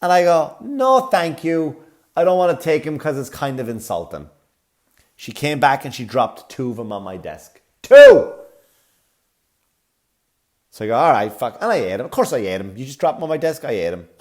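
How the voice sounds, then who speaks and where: A man's voice: medium pitch, quick pace. Profane Irish-born man telling a comic story. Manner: animated, profane, sarcastic. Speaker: comedian podcast host.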